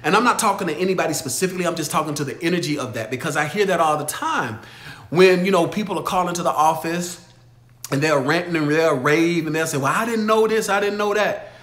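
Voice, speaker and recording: A man hosting a motivational livestream Q&A, talking emphatically, swinging from loud exhortation to low storytelling. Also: quick pace, roomy sound. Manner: emphatic, preachy, shifts from shouting to low storytelling. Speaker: livestream host answering viewer questions.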